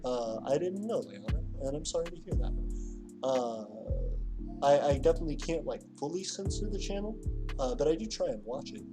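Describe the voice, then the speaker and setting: A man's voice: on the high side, lively intonation, fairly quick, music in the background. A man hosting a livestream in casual chat, reading out viewer comments with lots of fillers and restarts. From Louisiana. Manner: rambling, filler-heavy, reads chat aloud. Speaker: livestream host.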